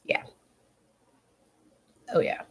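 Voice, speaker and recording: A woman's voice: drawn-out words, a bit bright. A young woman chatting casually to camera on her vlog, blunt, profane and rambling. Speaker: vlogger.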